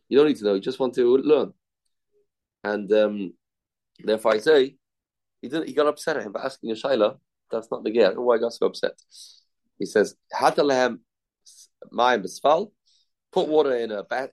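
A man's voice: medium pitch, a little mellow. A man giving a Talmud class. He reads each passage aloud, then explains it in a conversational way. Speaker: Talmud teacher.

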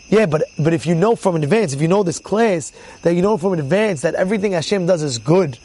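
High-voiced animated rabbi. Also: male voice, fairly quick, vocal fry, hardly any pauses, breathy edge, low-quality recording. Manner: animated storyteller, repeats words, acts out quotes loudly. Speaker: rabbi teaching a Torah class. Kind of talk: informal Torah class to a live group.

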